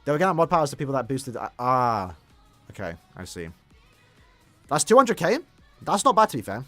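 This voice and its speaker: A young man chatting casually on a live game stream, talking in quick bursts and laughing easily. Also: mid-range voice, very animated, bright, forceful tone, faint music behind.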